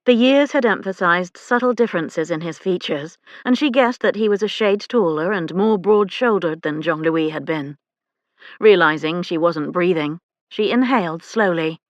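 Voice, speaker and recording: A woman narrates a novel in a calm, even way, her voice sitting on the low side. The recording is close and dry with no room sound, and a little dull in the top end. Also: normal speed, dry recording. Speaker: audiobook narrator. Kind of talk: scripted narration.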